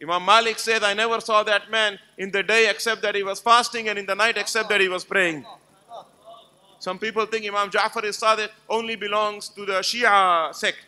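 A man's voice: high-pitched, fairly even intonation, normal speed, bright, forceful tone, smooth. A man giving an emphatic religious lecture to a live gathering, telling stories and putting rhetorical questions to the audience. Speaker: Islamic lecturer.

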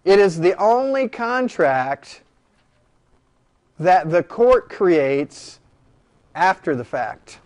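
Animated man lecturing a class. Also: high voice, drawn-out words, long pauses. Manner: animated, jokey, rhetorical questions to students. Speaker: law lecturer.

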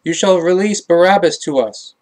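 A man shouting as an angry mob. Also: high-pitched, normal speed, pitched above the performer's own voice, close to an everyday voice. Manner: shouted, chanting repeated demands. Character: angry bribed crowd demanding an execution.

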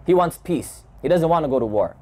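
Higher-voiced man telling a story. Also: lively intonation, warm tone. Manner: measured, thoughtful storytelling with restarts. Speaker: community leader. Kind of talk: storytelling talk. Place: home gathering, indoors.

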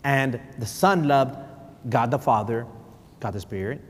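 A man in his forties, a pastor, preaching a sermon with animated storytelling and repetition for emphasis, slipping into Spanish. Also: medium pitch, unhurried. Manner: animated storytelling, repeats for emphasis, code-switches. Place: church sanctuary. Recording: reverberant church hall.

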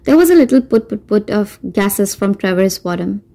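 Casting: woman narrator for a children's audiobook, mellow, measured delivery. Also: mid-range voice, expressive, gravelly, poor audio. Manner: measured storytelling, doing character voices. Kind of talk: scripted narration.

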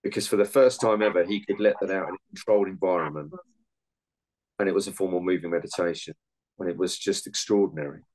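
A man's voice: sits low, steady tone, quick pace, a little mellow, poor audio. A man, a meditation and martial arts coach, giving earnest interview answers full of anecdotes from his coaching.

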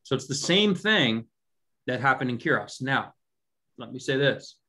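A man's voice: mid-range voice, animated, measured pace, pushed and bright. A man teaching a live coding lecture to a class. He talks casually and keeps checking in with the students. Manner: conversational, often checks in with the class. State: has hiccups. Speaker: instructor.

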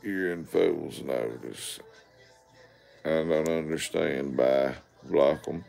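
A man's voice: rumbling low, slow, vocal fry, darkish tone, faint music behind. A man hosting a casual walking livestream on his phone, rambling crudely at viewers and begging for likes. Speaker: livestream host.

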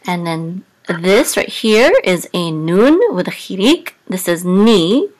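A woman teaching a casual Hebrew reading lesson, sounding out letters slowly with many pauses and ums. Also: expressive. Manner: slow, deliberate, with many ums, sings the trope marks on a higher pitch.

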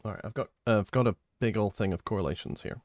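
A man's voice: fairly low pitch, quick pace, a little mellow, no echo, studio quality. A young man chatting on a live stream, giggly and flustered, shaky with adrenaline, by turns bratty and pleading. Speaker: livestreamer. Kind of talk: casual live-stream chat.

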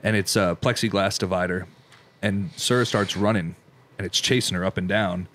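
A man's voice: low voice, fairly even intonation, moderate pace, a bit bright, slight background noise. A man in his thirties co-hosting a church podcast, joking and bantering in casual chat. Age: 30s. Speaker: podcast co-host.

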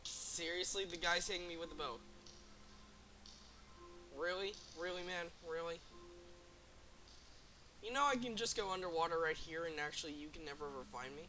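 A man hosting a gaming channel, giving excitable, chatty gameplay commentary straight to his viewers. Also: a little high, normal speed, pauses often, music in the background.

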